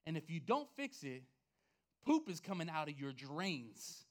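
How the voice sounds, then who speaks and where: A man, a pastor, telling a personal story in a sermon, swinging between hushed asides and loud, animated outbursts. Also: a little high, a little slow. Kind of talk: sermon testimony.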